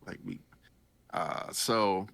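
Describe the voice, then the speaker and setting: Give me a podcast host man, jokey and animated, with a bright, low voice. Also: drawn-out words, vocal fry. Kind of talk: casual story recap.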